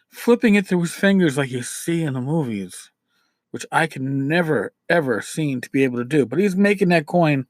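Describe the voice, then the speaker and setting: A man's voice: fairly high pitch, no echo, clean studio sound. A man from New City, giving casual podcast advice in a chatty, repetitive way, swinging between emphatic and dropped-down asides. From New York City. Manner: chatty, repeats himself, restarts phrases. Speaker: podcast host.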